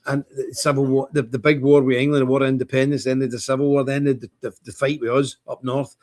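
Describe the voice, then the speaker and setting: A man with a Northern Irish accent giving rambling, blunt livestream commentary, animated and full of restarts and asides. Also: mid-range voice, quick pace. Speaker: livestream host.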